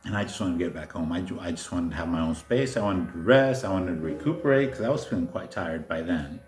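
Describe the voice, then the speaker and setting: Deep-voiced playful man. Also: fast, darkish tone. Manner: playful, jokey, affectionate. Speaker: podcast co-host. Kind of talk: casual spiritual chat. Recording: echoey room, music behind.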